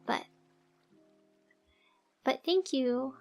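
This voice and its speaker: A woman streamer chatting casually with viewers while she draws, soft-spoken and halting, with many fillers and little giggles. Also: sits high, faint music behind. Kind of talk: casual live-stream chat. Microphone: desk microphone.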